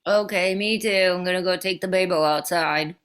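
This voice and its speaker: A woman's voice: fairly low pitch, normal speed. Chatty woman podcast co-host. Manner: chatty, swearing, laughing easily. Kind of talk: casual chat.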